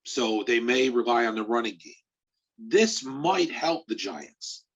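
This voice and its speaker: A man who writes about sports, chatting on a podcast in a hesitant, halting way, with a husky voice. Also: mid-range voice, lively intonation. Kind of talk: casual sports podcast chat. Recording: dull lo-fi recording.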